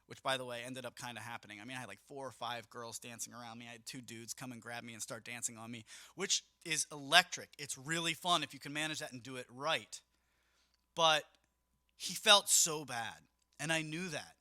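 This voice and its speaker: A man's voice: mid-range voice, a little fast, no room sound, clean studio sound. A young man, a DJ, casually recounting a wedding gig, acting out what people said and swearing freely. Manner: animated, acts out quotes, swears casually. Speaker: mobile DJ and podcast host. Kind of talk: casual storytelling monologue.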